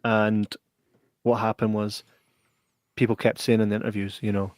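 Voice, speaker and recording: A man's voice: fairly low pitch, flat delivery, normal speed, long pauses, a little mellow, no echo. A man with a Scottish accent co-hosting a podcast, trading easygoing, teasing banter in casual chat. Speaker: podcast co-host.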